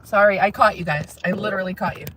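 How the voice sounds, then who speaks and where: A woman's voice: mid-range voice, fast talker, a bit bright, slight background noise. A woman live-streaming from her car, chatting casually with viewers and laughing often. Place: in a parked car.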